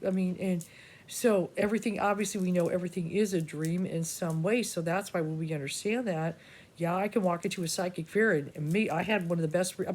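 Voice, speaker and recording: A woman's voice: lowish voice, a little mellow. A woman psychic reader talking to her viewers in a rambling personal monologue, casual, swearing freely and restarting her sentences often. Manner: scattered, full of restarts and asides.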